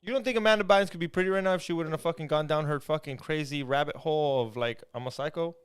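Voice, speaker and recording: A man co-hosting a podcast, joking around in relaxed, slangy casual chat. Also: on the high side, fast talker, clean tone. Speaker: podcast co-host.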